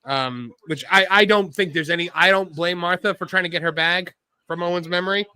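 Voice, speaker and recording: A man's voice: high voice, a little fast, sharp tone, smooth, no room sound. A man hosting a live watch-along, calling the action in a sarcastic, blunt manner and swearing freely. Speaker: host.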